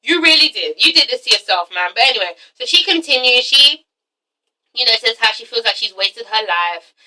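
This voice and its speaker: A woman's voice: on the high side, animated, fairly quick, bright, forceful tone, recorded from a distance, rough recording. A woman hosting a casual TV-recap vlog, sassy and profane, with constant "okay?" asides. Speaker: reviewer, channel host.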